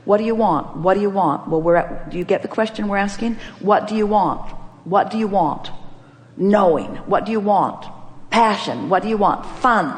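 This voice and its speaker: A woman's voice: medium pitch, vocal fry. A woman giving an inspirational seminar talk, emphatic and playful, repeating her questions to the audience. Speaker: inspirational speaker.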